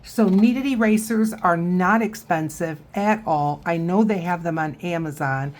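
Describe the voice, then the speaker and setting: A woman's voice: on the low side, unhurried. A woman giving a casual painting tutorial, chatting and thinking aloud as she works. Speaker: watercolor instructor.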